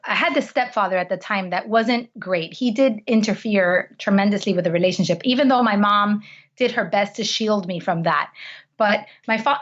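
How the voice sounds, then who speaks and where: A woman's voice: medium pitch, fairly bright tone. A woman speaking as a podcast guest, telling personal stories in an earnest, heartfelt way with frequent restarts. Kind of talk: conversational storytelling. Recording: slightly dull lo-fi recording.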